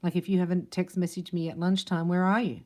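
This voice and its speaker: A woman's voice: on the low side, level tone, brisk, darkish tone. A woman giving a casual spiritual card reading, chatty and emphatic, acting out little dialogues. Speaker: psychic card reader.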